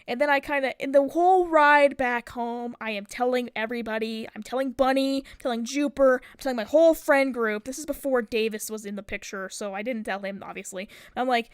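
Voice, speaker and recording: A woman's voice: fairly high pitch, fairly quick, hardly any pauses, smooth, no echo, clean studio sound. A young woman streamer telling a long story in casual chat, rambling, swearing and acting out what people said. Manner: swearing, rambling, acts out quotes.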